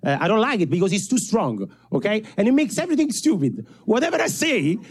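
A man's voice: high voice, sing-song, fast, breathy edge. A man from Italy with a strong Italian accent doing a self-mocking stand-up comedy set on a club stage, chuckling between punchlines. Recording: faint crowd and room noise.

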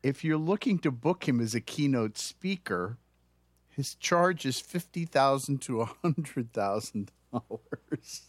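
A man's voice: medium pitch, expressive, unhurried, no room sound. A man co-hosting a casual podcast chat, telling little stories and reading out facts. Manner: chatty, storytelling, reading figures aloud. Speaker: podcast co-host.

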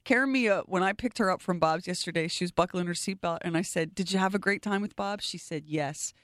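A woman's voice: lowish voice, fast, a bit bright, no echo. Lady co-host on morning radio, playful and giggly, dry studio mic. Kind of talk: casual morning radio banter.

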